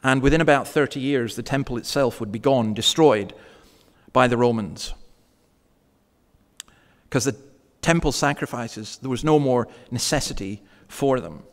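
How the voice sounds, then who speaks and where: Conversational male preacher in a reverberant hall. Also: mid-range voice. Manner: conversational preaching, slows for emphasis. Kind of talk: sermon.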